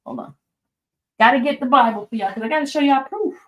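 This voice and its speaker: A woman's voice: sits high, fast talker. A woman host telling viewers a personal story in a chatty, rambling way, with many fillers and restarts. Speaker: YouTube host.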